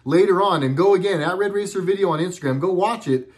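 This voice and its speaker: A man's voice: high-pitched, fast talker, darkish tone. A middle-aged man talking at home in a casual monologue, earnest and rambling, often stopping and restarting his sentences. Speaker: video blogger.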